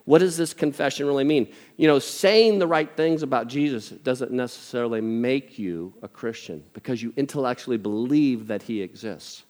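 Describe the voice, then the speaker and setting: A man's voice: mid-range voice, moderate pace, few pauses. Older male pastor preaching, conversational. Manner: conversational, jokey asides, animated impressions of family. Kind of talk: sermon.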